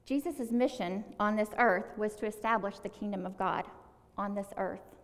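Female preacher, earnest and conversational, slows for emphasis, mid-pitched, hall reverb. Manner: earnest, conversational, stresses words by slowing down. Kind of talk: sermon.

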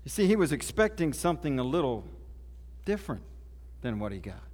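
A man pastor retells a scripture story in a relaxed, folksy way. His voice sits at an ordinary middle pitch. It rings out with the long reverb of a church sanctuary. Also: a little fast. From Oklahoma. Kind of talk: sermon. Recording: reverberant hall.

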